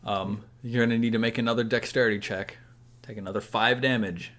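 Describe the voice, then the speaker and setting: A man's voice: lowish voice, steady tone, a little fast, a bit bright. A young man acting as game master, narrating a tabletop game casually and explaining the rules step by step.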